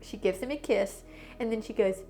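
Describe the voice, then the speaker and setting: A woman hosting a family vlog as the mother, chatty and lively as she tells stories about her toddler. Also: mid-range voice, moderate pace, slight background noise. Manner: chatty, animated, acts out her toddler's cute words. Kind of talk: casual family vlog storytelling.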